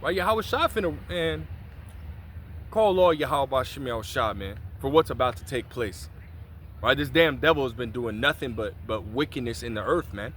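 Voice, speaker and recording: A man's voice: medium pitch, normal speed, fairly bright tone, slight background noise. A man preaching outdoors on a city street, reading scripture and explaining it in loose, slangy, profane talk with many asides.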